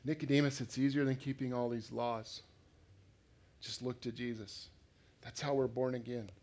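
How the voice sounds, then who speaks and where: A male pastor gives a casual, chatty sermon, asking the congregation questions. His voice sits at a middling pitch. He reads passages out plainly between his asides. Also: little pitch movement, moderate pace, darkish tone, slight background noise. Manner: conversational, asks the congregation questions, acts out voices.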